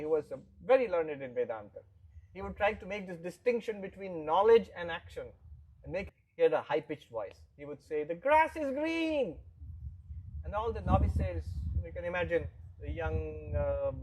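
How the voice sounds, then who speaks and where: A man speaking as a monk, in a fairly high and husky voice. He gives a spiritual lecture in an animated way and acts out the people he quotes. He repeats his points patiently as he explains them. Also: low-quality recording. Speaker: monk teaching philosophy.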